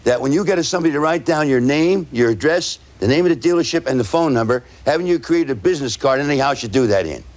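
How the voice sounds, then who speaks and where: A man lecturing a room of salespeople in a direct, conversational way. He keeps checking in with rhetorical "right?" questions and slows right down to spell words out letter by letter. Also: a little high, expressive, a little mellow. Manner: tags points with rhetorical "right?". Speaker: sales trainer.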